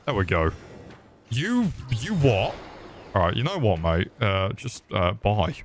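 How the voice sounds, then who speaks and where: A man's voice: low-pitched, animated, normal speed, slight background noise. A young Englishman streaming a game, joking crudely, swearing often and chatting back to his viewers. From England. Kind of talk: live gameplay commentary.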